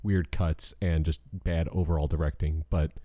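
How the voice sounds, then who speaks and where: A man's voice: rumbling low, fairly even intonation, moderate pace, warm tone, dry recording. A man co-hosting a podcast, chatting casually with lots of fillers and restarts. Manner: rambling, many fillers and restarts. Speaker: podcast co-host.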